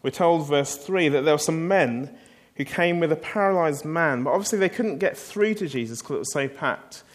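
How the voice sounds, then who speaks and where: A man delivers a sermon in a relaxed, storytelling manner. His voice sits a little high for a man. He keeps pulling the listeners in with rhetorical questions. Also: moderate pace. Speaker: preacher.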